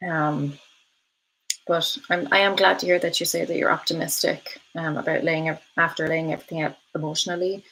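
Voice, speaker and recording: A woman's voice: deep voice, steady tone, a little fast, creaky, a bit bright, low-quality recording. A woman hosting a casual live stream, chatting with viewers, often saying um and laughing between thoughts. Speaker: host of a live stream, reading viewer comments.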